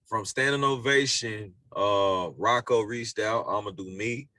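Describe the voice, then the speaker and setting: A man's voice: lowish voice, measured pace, pushed and bright, dry recording. Laid-back man telling studio stories. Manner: laid-back storytelling with slang and repeated phrases. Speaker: music producer guest. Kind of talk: casual storytelling interview.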